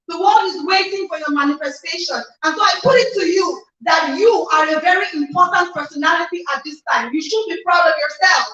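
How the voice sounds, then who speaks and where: A Nigerian woman hosting an online conference livestream, energetic and emphatic, repeating phrases and reading out viewers' comments. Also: high voice, moderate pace. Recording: echoey distant lo-fi livestream audio.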